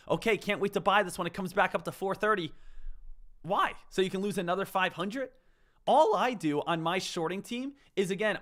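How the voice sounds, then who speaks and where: A man's voice: sits high, fairly bright tone. A man hosting a live trading stream, chatting casually and answering his viewers, often repeating the word "again.".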